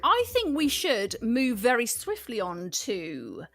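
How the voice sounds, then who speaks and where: A woman's voice: on the high side, wildly swooping pitch, slow, a bit bright. Dry, teasing woman co-host. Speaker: podcast co-host. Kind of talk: casual comedy chat.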